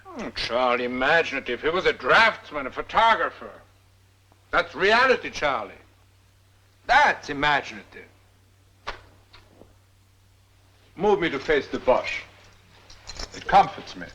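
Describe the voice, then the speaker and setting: An actor playing a middle-aged industrialist in a film drama, mocking and irreverent, snapping orders in between jokes. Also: male voice, a little high, very animated, normal speed, pauses often, sharp tone, slightly rough, exaggerated voice. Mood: sardonic. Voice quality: wry and mocking, abruptly commanding. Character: sardonic, irreverent, paranoid rich old man. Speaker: rich industrialist.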